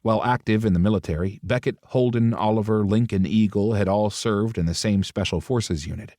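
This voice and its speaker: A man's voice: fairly low pitch, fairly quick, warm tone, no echo, clean studio sound. A man narrating a romance audiobook, switching into different voices for the characters' dialogue.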